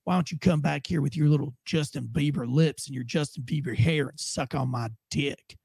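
A man voicing a crude, taunting drunk young man in a lower, slurring voice. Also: normal speed, creaky, darkish tone, slightly rough, dry recording, clean studio sound.

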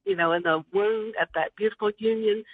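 A woman's voice: mid-range voice, brisk. Heartfelt woman caller on phone line. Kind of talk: phone-in call.

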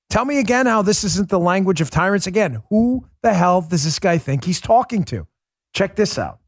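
A man from New York City hosting a podcast, delivering a heated, sarcastic political monologue that rises into shouts. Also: high-pitched, big pitch swings, normal speed, dry recording, studio quality. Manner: combative, sarcastic, rising to shouts. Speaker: podcast host.

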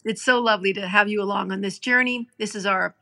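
A woman's voice: medium pitch, fairly even intonation, fast talker, vocal fry, sharp tone. A woman podcast host telling an emotional story in a heartfelt, conversational way, acting out the dialogue as she goes.

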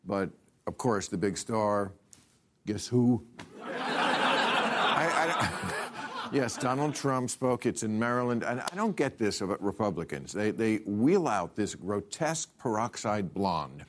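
Slow and sing-song in a lowish voice, an older talk show host punches out a sardonic monologue before a live studio audience. Heavy background noise includes loud laughter and applause from the crowd.

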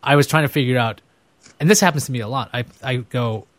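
A man's voice: medium pitch, fast, no room sound. Candid, self-deprecating male podcast host. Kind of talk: casual conversation.

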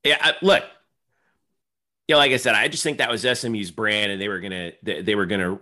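A man co-hosting a casual sports podcast, talking haltingly with many fillers and restarts. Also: lowish voice, steady tone, pushed and bright.

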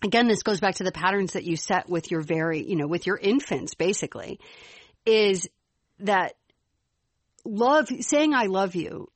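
A woman with a Chicago accent co-hosting a parenting podcast, explaining ideas in a steady, storytelling way. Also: medium pitch, normal speed, dry recording. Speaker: podcast co-host. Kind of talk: casual parenting chat.

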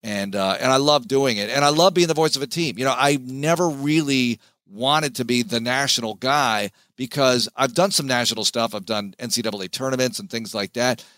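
Animated announcer man, dry sound. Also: medium pitch, moderate pace, few pauses, dry recording. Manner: animated, emphatic storyteller. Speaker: team play-by-play announcer. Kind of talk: podcast interview guest.

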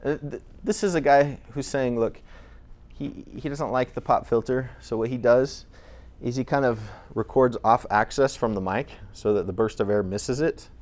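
A man's voice: medium pitch, normal speed, a little mellow. Man giving a chatty casual lecture. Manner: chatty, conversational, with frequent restarts. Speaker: presenter.

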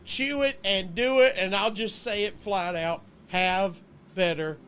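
A man co-hosting a podcast, reading a sponsor ad in an upbeat, joking pitchman manner and quizzing his co-host. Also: unhurried, a bit bright, a little hiss or hum. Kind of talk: casual chat, live-read ad.

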